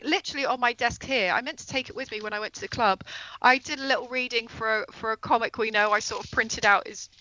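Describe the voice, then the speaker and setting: Woman guest, bright, earnest explainer, lo-fi mic. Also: a little high, no room sound. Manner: explains earnestly, slows down on key terms. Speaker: astrologer guest on a comedy podcast. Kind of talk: casual podcast conversation.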